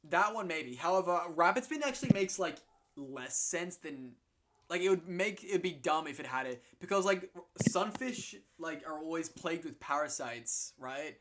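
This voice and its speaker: Excitable, swearing male game commentator. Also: a little high, moderate pace, background noise. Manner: excitable, swears freely, restarts often. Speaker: co-host commentating league matches.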